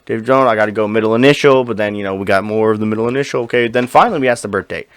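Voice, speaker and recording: A man co-hosting a podcast, telling a story in casual chat, animated and profane, acting out the lines of the people in it. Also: lowish voice, racing, clean tone, no echo. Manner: animated, profane, acts out quoted dialogue. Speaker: podcast co-host.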